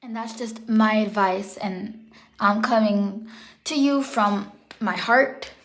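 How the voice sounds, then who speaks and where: A woman's voice: mid-range voice, steady tone, takes it slowly. A young woman talking casually in a vlog, earnest and rambling, correcting herself as she goes, emotional and holding back tears. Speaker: pet vlogger.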